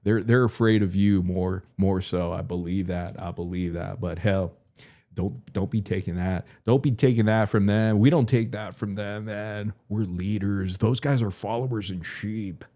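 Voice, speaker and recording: Rambling, crude low-voiced male streamer. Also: steady tone, normal speed, warm tone. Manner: loose, profane, joking, repeats himself. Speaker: live stream host.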